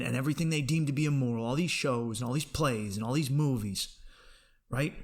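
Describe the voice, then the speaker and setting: A man hosting a comedy podcast, delivering a profane, animated rant and acting out other people's voices in quotes. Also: mid-range voice. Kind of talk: ranting comedic monologue.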